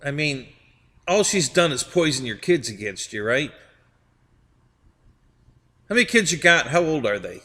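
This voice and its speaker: A man's voice: fairly high pitch, big pitch swings, measured pace, pauses often, pushed and bright, in a large hall. A man hosting a live stream, chatting casually with viewers, rambling and repeating his words and laughing often.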